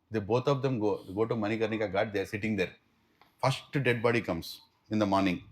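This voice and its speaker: A man with an Indian English accent teaching a spiritual class through stories, animated and switching between Hindi and English. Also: fairly low pitch, fast talker. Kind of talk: storytelling class talk.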